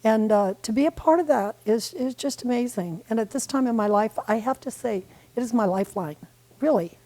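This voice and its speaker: Mellow-voiced woman in her eighties. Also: a little high, expressive, fairly quick, low-quality recording. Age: 80s. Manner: warm, rambling, with restarts and fillers. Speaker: community volunteer guest. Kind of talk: casual interview chat. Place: local TV studio.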